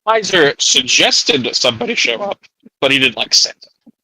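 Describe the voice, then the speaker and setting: A man's voice: mid-range voice, big pitch swings, moderate pace, bright, forceful tone, no room sound, poor audio. A man acting as game master in a casual tabletop game, rambling with many fillers.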